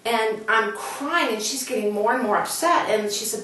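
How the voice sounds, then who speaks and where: A woman's voice: a little high, normal speed, few pauses, fairly bright tone. A woman author telling a personal story in an earnest, heartfelt way, talking casually to the camera. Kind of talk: casual guest talk to camera. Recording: very echoey room, voice from a distance.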